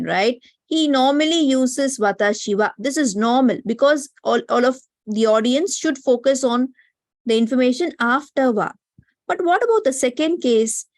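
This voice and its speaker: A woman's voice: sits high, no room sound, studio quality. Indian English woman teaching, tags "no?". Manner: explanatory, often tags sentences with "no?" and "right?". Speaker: Japanese language teacher. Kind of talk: online class lecture. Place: online class.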